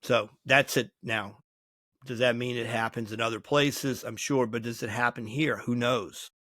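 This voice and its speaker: A man's voice: medium pitch, steady tone, measured pace, sharp tone, no echo, studio quality. A man from the United States co-hosting a podcast, chatting casually and acting out quoted dialogue as he tells a story. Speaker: podcast co-host.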